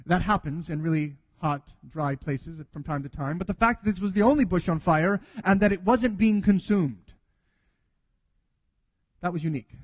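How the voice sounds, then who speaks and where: High-voiced preaching man with a reverberant sound. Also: moderate pace. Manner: earnest preaching, acting out quoted dialogue. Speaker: pastor. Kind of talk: sermon.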